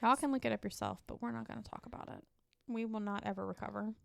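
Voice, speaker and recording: A woman's voice: fairly high pitch, quick pace, gravelly, fairly bright tone, dry recording, studio quality. A woman co-hosting a podcast, chatting casually with joking asides and little energy. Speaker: podcast co-host. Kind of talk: casual chat.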